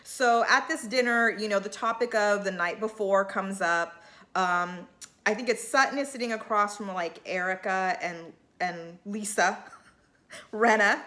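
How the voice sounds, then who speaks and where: A woman's voice: medium pitch, a little slow, bright, forceful tone. A woman giving a casual, opinionated recap of a reality show in a chatty way, full of fillers.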